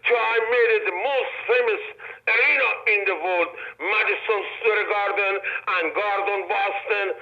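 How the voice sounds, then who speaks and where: A man's voice: sits high, steady tone, moderate pace. An older man from Iran, a guest calling in, speaking broken English and effusively repeating blessings and thanks. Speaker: phone-in guest, retired wrestler. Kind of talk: phone interview. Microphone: telephone. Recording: dull lo-fi phone line.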